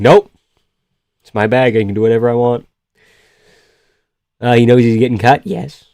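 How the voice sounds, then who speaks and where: A man doing casual, profane live-stream commentary on a fight from a room in his house. He shouts at big moments and talks low between them. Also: moderate pace, pauses often, smooth, dry recording, clean studio sound. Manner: excitable, profane, yells at the screen then chats quietly.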